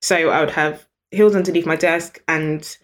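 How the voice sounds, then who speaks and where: A British woman, a guest in an interview, telling stories in an animated, chatty way and laughing often. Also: sits low, normal speed. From Britain. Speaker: guest entrepreneur. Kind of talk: storytelling in an interview.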